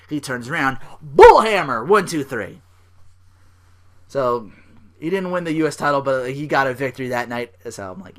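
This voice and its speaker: A young man hosts a podcast, giving a loose, meandering wrestling recap. He curses freely and shouts out wrestlers' lines in sudden loud bursts. His pitch is medium and his pace normal.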